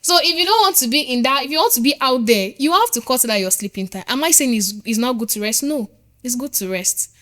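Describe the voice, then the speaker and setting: Emphatic woman, slightly high voice. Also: expressive, a little fast, fairly bright tone. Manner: earnest, emphatic, repeats points. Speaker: guest, nurse. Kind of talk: motivational interview talk.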